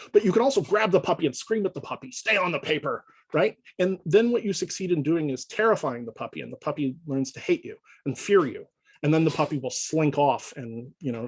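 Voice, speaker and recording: A man lecturing in a relaxed, conversational way, often checking in with his listeners as he explains. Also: fairly high pitch, slightly rough, no echo, poor audio. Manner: conversational, checks in with frequent "right?". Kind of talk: informal lecture.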